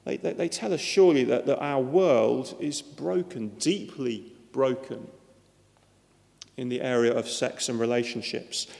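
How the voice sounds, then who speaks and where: A man's voice: a little high, creaky, darkish tone. A man preaching a sermon in an earnest, emphatic manner, with repeated words at times. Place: church. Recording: reverberant church hall.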